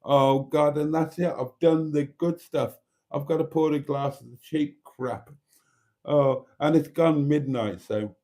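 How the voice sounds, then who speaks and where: A man's voice: a little high, steady tone, unhurried, mellow. A middle-aged man hosting a late-night livestream, cheeky and chatty with frequent laughs, tired. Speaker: livestream host. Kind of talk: casual chat reading comments.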